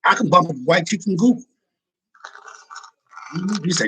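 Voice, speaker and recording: A man's voice: high voice, a little slow, long pauses, husky, rough recording. A man talking in a casual, slangy rant, acting out little scenes as he goes. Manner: animated, slangy, acts out scenes. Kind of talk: casual ranting monologue.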